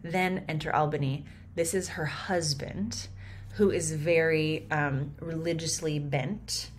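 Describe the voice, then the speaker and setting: A woman coaching actors through an audition monologue in a chatty, animated way, clearly fond of the material. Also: deep voice, slow, slight background noise. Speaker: acting coach.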